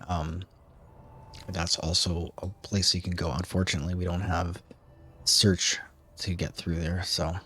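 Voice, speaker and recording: A man streaming a video game, giving relaxed, chatty commentary with dry asides and frequent fillers. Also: low voice. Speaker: gaming streamer. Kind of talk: casual gameplay commentary.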